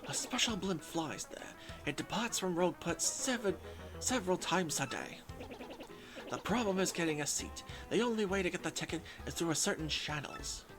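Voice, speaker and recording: Raspy, wispy old scholar, put on by a man, fussy and lively, game music under. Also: sits high, moderate pace. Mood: scholarly.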